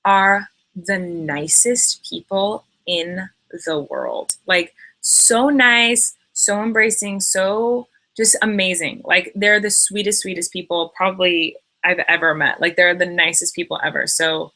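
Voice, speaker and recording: A woman's voice: lowish voice, fairly even intonation, measured pace, sharp tone. A young woman hosting a late-night live stream, chatting casually and gushing about friends, with lots of fillers and quoted voices. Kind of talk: casual chat. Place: indoors at home, late at night.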